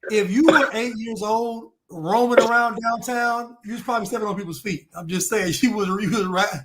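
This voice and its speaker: A man's voice: sits high, moderate pace, a bit bright, a little hiss or hum. A man hosting a casual panel podcast, spinning a joking story with laughter and repeated starts. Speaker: podcast host.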